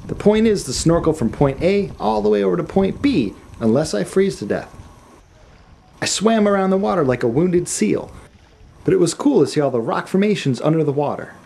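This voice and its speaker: A man's voice: sits high, expressive, moderate pace, gravelly, warm tone, breathy edge. An American man narrating his travel vlog with wry, self-mocking humor. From United States. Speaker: travel vlogger.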